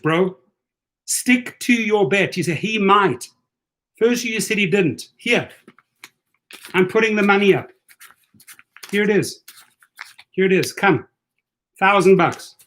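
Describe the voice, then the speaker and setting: A man hosting a casual livestream, talking in a high register. He taunts and goads in a combative, repetitive way. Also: a bit bright. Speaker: livestream host.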